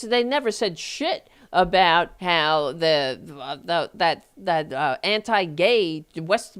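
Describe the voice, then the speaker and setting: A woman talk show host in a heated, profane political rant. She talks slowly and her voice is smooth and clear. Her pitch leaps high whenever she mocks someone. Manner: heated, profane, sarcastic, voice jumping high in mockery. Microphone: desk microphone.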